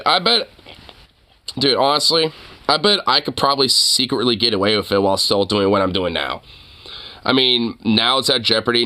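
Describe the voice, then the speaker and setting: A man with a bright, forceful voice talks in a loose, rambling rant, swearing freely and breaking into laughs. His pitch sits in a middle range for a man. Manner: rambling, profane, laughs often. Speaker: channel host. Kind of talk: casual commentary rant.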